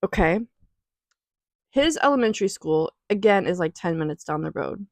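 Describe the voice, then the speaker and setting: A woman's voice: on the low side, lively intonation, moderate pace, no room sound. A young woman talking in an emotional, rambling way in a personal vlog at home, near tears. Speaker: vlogger.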